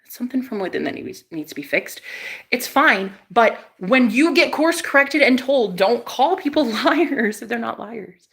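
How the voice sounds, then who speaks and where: A young woman on a casual livestream, talking back to her chat with biting sarcasm and frequent laughs. Her voice is bright and a little high, and she swears freely. She swings between loud jabs and quiet, dropped asides. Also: expressive, moderate pace, creaky.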